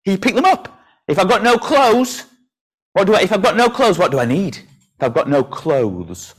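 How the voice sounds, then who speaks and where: A man's voice: big pitch swings, moderate pace, slightly rough. A man preaching a sermon in a church, earnest and solemn on the hard points, then coaxing and playful when he calls children up to help. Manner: earnest, drops low and soft for solemn points. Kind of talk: sermon with a children's object lesson.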